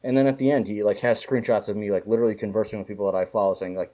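A man on a podcast rattles off stories at a rapid clip, his voice low and mellow. He swears freely in loose, casual chat. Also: steady tone, rough recording. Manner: rapid, profane storytelling. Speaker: podcast co-host.

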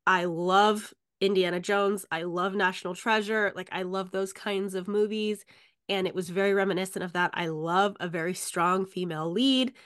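A woman's voice: medium pitch, fairly even intonation, moderate pace, fairly bright tone, clean tone. A woman hosting a podcast, chatting with a guest in a gushing, enthusiastic way and saying "like" a lot. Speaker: podcast host. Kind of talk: casual interview chat.

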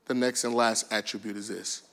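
A man preaching a sermon, telling stories with lively bursts of shouting and quiet, soft asides. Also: fairly low pitch, moderate pace. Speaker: pastor.

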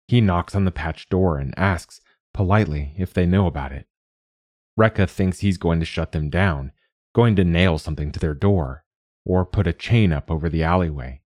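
A man narrating a short story as host, calm and measured. His voice is very low. The recording is close and dry, with no room sound. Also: dry recording.

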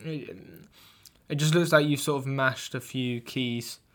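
A man's voice: medium pitch, steady tone, takes it slowly. A young man co-hosting a comedy podcast, talking in a hesitant, rambling, playfully earnest way. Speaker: podcast co-host.

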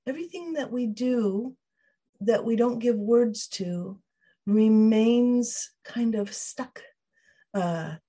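A woman's voice: fairly high pitch, takes it slowly, dark tone, husky. A woman guest on an interview podcast, explaining ideas thoughtfully with frequent restarts and quoted inner voices. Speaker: podcast guest, emotional wellbeing trainer.

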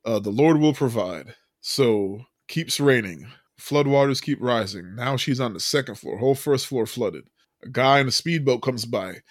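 A man's voice: medium pitch, normal speed, no room sound, studio quality. Chatty man retelling a movie. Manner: loose storyteller, many fillers, laughs often. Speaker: podcast host. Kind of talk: casual movie recap chat.

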